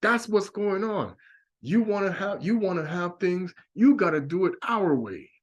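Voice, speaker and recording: A man's voice: high-pitched, very animated, unhurried. A man giving an impassioned religious monologue, emphatic and preachy, repeating his warnings again and again. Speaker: religious speaker.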